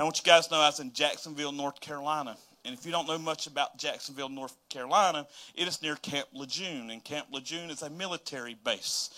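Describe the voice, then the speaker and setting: Male pastor, bright and slightly high voice, animated storyteller in a sermon. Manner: animated, dramatic storytelling with quoted asides.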